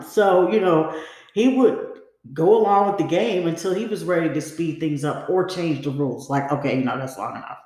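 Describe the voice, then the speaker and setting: A woman's voice: lowish voice, a little mellow. Woman confiding her story in an echoey room. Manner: casual, confiding, acts out quoted dialogue; frequent fillers like "you know" and "like". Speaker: podcast host. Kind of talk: personal storytelling.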